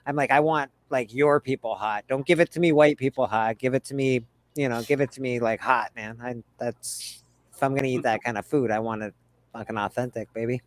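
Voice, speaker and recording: A man's voice: mid-range voice, steady tone, fairly quick, no room sound. A man in casual chat, loose and profane, tacking "bro" and "man" onto his lines. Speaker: podcast co-host.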